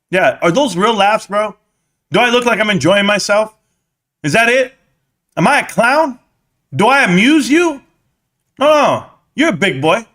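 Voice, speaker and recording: Male streamer, high bright voice, brash mocking rant to live chat. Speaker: stock market live streamer.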